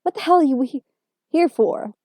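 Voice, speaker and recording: A woman voicing an eccentric male alien time traveller who is excitable and mocking. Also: sits high, normal speed, no room sound, voice pushed up.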